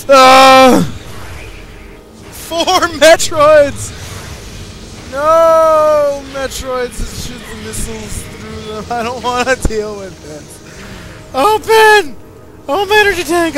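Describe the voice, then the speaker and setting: A young man commentating his own gameplay, panicking, yelping and pleading with the enemies on screen, then muttering as he reads and plays. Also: high-pitched. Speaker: let's play gamer. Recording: game music behind the voice.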